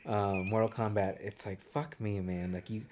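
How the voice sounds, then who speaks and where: A man's voice: on the low side, flat delivery, normal speed, darkish tone, a little hiss or hum. A young man co-hosting a movie podcast, rambling and swearing casually as he trails off and restarts his sentences. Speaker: podcast co-host.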